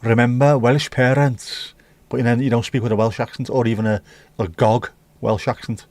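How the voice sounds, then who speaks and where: A man's voice: mid-range voice, level tone, moderate pace, hardly any pauses, darkish tone, no echo. A man with a Scouse accent hosting a casual livestream, chatting with viewers and bantering as he reads the chat. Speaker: livestream host.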